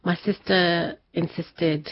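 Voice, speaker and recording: A woman's voice: on the low side, fairly even intonation, slow. Chatty woman telling a story. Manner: chatty, laughs often, acts out quoted voices. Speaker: interview guest. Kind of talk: personal storytelling in conversation. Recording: dull lo-fi sound.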